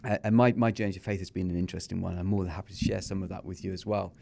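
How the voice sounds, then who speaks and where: A middle-aged English man with an English accent, candidly telling a personal story as an interview guest. His voice sits low with a gravelly edge and has a dark, mellow timbre. He speaks earnestly and acts out remembered conversations as he goes. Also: steady tone, racing, slight background noise. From England. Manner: earnest and openly confessional, acts out remembered dialogue. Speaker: podcast guest, small business owner.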